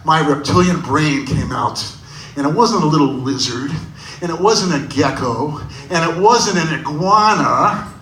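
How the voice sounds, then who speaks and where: A man in his sixties doing stand-up storytelling on a bar stage, animated and bursting into loud shouts. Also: on the high side, measured pace, a little hiss or hum. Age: 60s. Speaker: stand-up comedian. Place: bar stage at a live comedy showcase. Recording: echoey bar room from a distance.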